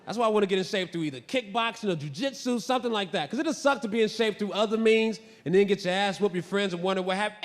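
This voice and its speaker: A man's voice: high voice, fast talker, hardly any pauses. A man doing stand-up comedy on a theater stage, telling self-mocking, rambling stories full of tangents. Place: theater stage before a live audience. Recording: live theater recording with hall reverb.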